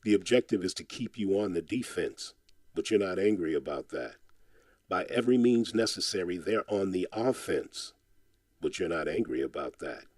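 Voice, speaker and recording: Man with a low, dry voice. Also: animated, normal speed, darkish tone, no echo. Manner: rhythmic, insistent delivery with a repeated refrain; impassioned, exhorting tone. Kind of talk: spoken-word poem recital.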